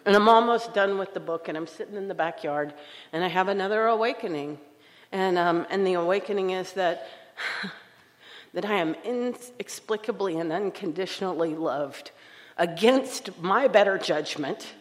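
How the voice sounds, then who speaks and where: With a lowish voice at a normal speed, a woman tells her own story at a recovery conference, mocking herself with frank humor. The live talk echoes through a reverberant conference hall.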